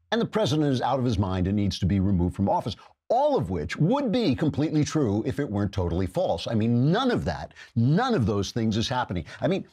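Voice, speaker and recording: A man's voice: fairly low pitch, a little mellow, breathy edge. A man hosting a political commentary show, talking in a sarcastic, mocking way. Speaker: podcast host.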